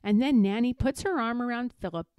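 A playful woman reads a children's picture book aloud in a slightly high voice, going a little fast. Her narration is expressive and emphatic, and the tone is clean, with no room sound.

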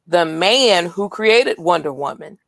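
A woman with a mid-range voice speaks in a measured, knowing way in casual movie chat, teasing her co-host now and then. The sound is dry and close, with no room echo. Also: fairly low pitch, lively intonation, creaky, a bit bright. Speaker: podcast co-host. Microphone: video call.

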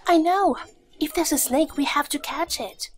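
An actress playing a sharp-tongued young mother who teases and talks briskly. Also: high-pitched, close to an everyday voice. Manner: teasing and brisk. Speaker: young mother, lead heroine. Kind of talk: short drama acting.

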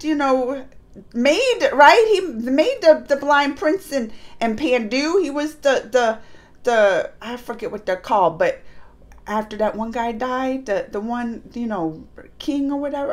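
High-pitched lady reacting to a show, super animated, doing little voices for everyone. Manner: animated, acts out characters' lines while retelling. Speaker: reaction channel host. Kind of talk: casual reaction recap.

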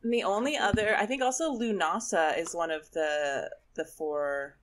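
A woman co-hosting a casual chat podcast, playful and quick with jokes. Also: on the low side. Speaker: podcast co-host.

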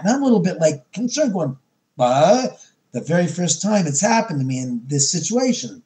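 Man, middle-aged, podcast guest, lively storyteller, fairly high voice, warm mellow tone. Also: normal speed. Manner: animated, acts out his own quotes with many restarts. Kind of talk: storytelling interview.

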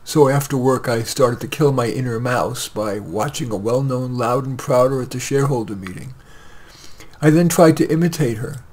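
A man reading his own short story aloud in a plain, measured way with light hesitations. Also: mid-range voice, a little mellow.

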